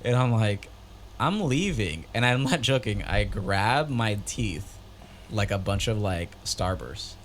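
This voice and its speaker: A man on a casual podcast, telling a long story with animated energy. He jumps into higher, louder voices for the dialogue. There is a faint hiss of noise behind him. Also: a little slow. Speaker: podcast co-host.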